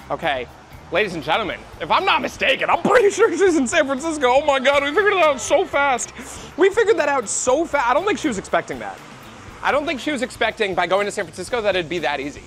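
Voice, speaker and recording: A man vlogging to a handheld camera, thinking out loud and exclaiming as he plays a travel hide-and-seek game. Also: high voice. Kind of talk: excited vlog narration to camera. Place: outdoors on a rainy city street.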